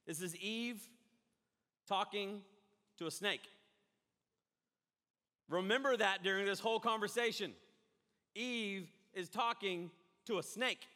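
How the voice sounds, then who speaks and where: A man preaching a sermon, rambling and animated, often breaking off mid-thought. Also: high voice, slow, long pauses. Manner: rambling, animated, self-interrupting. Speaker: pastor. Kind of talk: live-streamed sermon. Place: church hall. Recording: echoey hall reverb.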